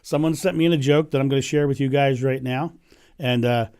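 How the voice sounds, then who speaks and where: Hoarse, gravelly-voiced livestream host. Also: male voice, medium pitch, brisk, a little mellow. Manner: chatty, laughs often. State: hoarse from laryngitis. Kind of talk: casual livestream chat. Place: home in Ohio. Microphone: microphone turned up.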